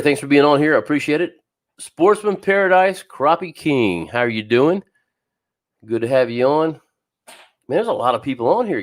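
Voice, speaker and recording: A man hosting a live fishing show, chatting casually, greeting viewers by name and laughing often, with an occasional wheeze. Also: medium pitch. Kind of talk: casual live-stream chat. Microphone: streaming setup, talking to camera.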